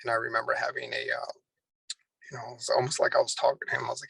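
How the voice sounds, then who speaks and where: A man's voice: mid-range voice, monotone, fast talker, vocal fry, pushed and bright, breathy edge, no echo, poor audio. A man, a Marine drill instructor, earnestly telling a personal story in an interview, with many restarts.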